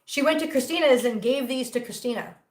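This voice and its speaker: In an echoey room at home, a middle-aged cat channel host chats about her cats on a casual livestream, teasing and reading out viewers' comments. She speaks briskly in a high voice.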